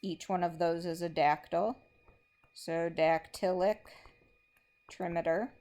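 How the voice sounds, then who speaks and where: Slow, low-voiced woman teacher explaining. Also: fairly even intonation, darkish tone. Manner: methodical, step-by-step explaining while marking a board. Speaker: English teacher. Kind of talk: recorded classroom lesson.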